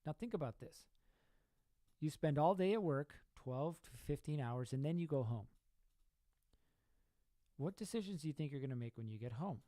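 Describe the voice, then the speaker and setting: A man's voice: fairly high pitch, animated, normal speed, long pauses, mellow, no room sound. A young man hosting a podcast, giving an emphatic motivational talk full of rhetorical questions and repeated points. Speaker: podcast host.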